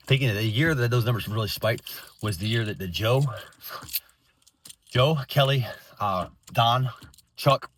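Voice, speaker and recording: A man in his thirties rants in an angry, profane stream, words spilling out fast and tumbling over restarts. His voice sits on the low side, and a faint hiss runs under it. The delivery is bitter and unscripted throughout. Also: fairly bright tone. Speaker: veteran vlogger.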